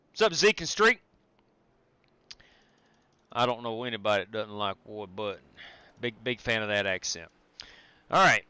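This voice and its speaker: A man's voice: fairly high pitch, bright, forceful tone, clear, resonant tone, no room sound. A man streaming a sim race, chatting casually and greeting viewers while he drives. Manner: frequent fillers and restarts. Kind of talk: casual live-stream commentary.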